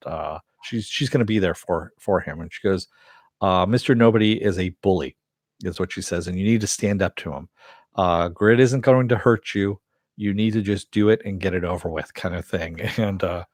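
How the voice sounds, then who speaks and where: A man's voice: low-pitched, dry recording, studio quality. A man casually recapping a TV episode, retelling the scenes in a loose, rambling way and swearing freely. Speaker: TV show reviewer.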